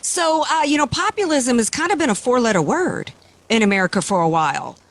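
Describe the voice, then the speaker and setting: A woman's voice: on the high side, animated, fairly quick. A woman hosting a talk radio show, speaking emphatically with repeated phrases and frequent restarts.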